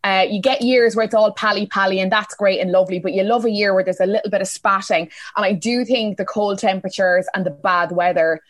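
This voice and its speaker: A woman's voice: mid-range voice, fairly even intonation, fairly quick, few pauses, no room sound. A woman, speaking as a journalist guest. She chats in an upbeat, self-deprecating way, and the recording is close and dry. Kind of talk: casual chat.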